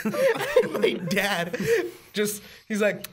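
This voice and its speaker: A man co-hosting a casual podcast, telling a story animatedly, acting out quoted family members and laughing often. His voice sits a little high and swings widely in pitch. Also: very animated, a little slow, background noise. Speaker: podcast co-host.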